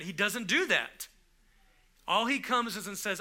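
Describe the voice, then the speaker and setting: With a high, pushed, bright voice and lively intonation, a pastor delivers a sermon a little slowly. He talks conversationally, frequently restarting sentences and building to emphatic bursts.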